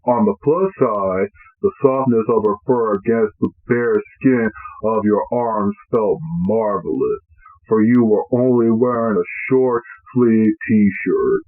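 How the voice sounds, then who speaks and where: A man narrating an amateur fan fiction reading with halting, read-aloud phrasing. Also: fairly low pitch. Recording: tinny, phone-like lo-fi audio.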